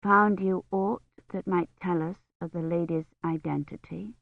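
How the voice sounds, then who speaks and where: A woman reading a careful, soft-spoken noblewoman. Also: on the low side, fairly even intonation, measured pace, creaky, no room sound, narrow, tinny audio. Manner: careful, hushed speech.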